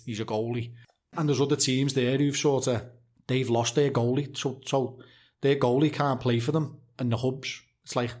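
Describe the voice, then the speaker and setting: A man at an ordinary pitch hosts a relaxed conversation. He sounds agreeable and chatty and likes to round off his points with a tag question. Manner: chatty, agreeable, asks rhetorical tags. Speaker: interviewer. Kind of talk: casual conversation.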